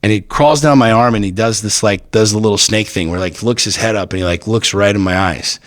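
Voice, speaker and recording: A man in his forties telling stories as a podcast guest, talking fast and bluntly with plenty of swearing and emphatic repetition. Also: lowish voice, no echo, studio quality. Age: 40s. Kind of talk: casual podcast storytelling.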